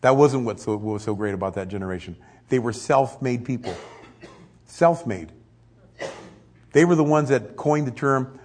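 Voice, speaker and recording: Husky-voiced man preaching a sermon. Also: mid-range voice, normal speed, long pauses. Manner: conversational, animated, acts out quotes. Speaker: pastor.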